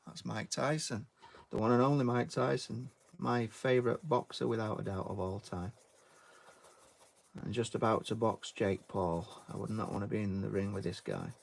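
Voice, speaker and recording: A man's voice: on the low side, steady tone, moderate pace, gravelly. A British man chatting casually while giving a drawing tutorial and thanking viewers. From Britain. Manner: chatty, reads out viewer names and thanks them, "mate". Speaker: artist live-streaming.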